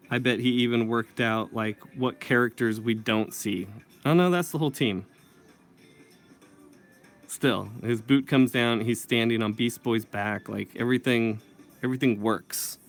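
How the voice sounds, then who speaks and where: With a medium-pitched, slightly bright voice, this man walks through comic inking in a relaxed tutorial. He's a comic book inker who talks his thoughts out while working and fixes his own slips as he goes.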